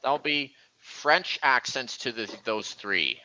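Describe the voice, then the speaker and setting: A man's voice: medium pitch, lively intonation, slow pace, sharp tone, rough recording. A young man hosting a casual voice-chat stream, rambling and often restarting his sentences. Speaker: stream host.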